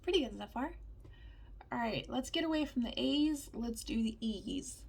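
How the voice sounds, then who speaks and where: A woman teaching vowel sounds, reading word lists aloud slowly with calm pauses. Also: on the high side, gravelly, slightly rough. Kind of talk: slow word-by-word vowel practice.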